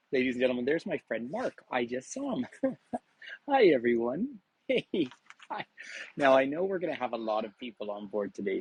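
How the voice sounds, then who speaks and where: A middle-aged man from Canada talks into his phone on a hill outdoors, hosting a live virtual tour. His voice sits at an ordinary pitch with a slightly husky edge, and he keeps up a friendly, chatty flow as he greets viewers. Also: no room sound, poor audio. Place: outdoors on a hill above a harbour city.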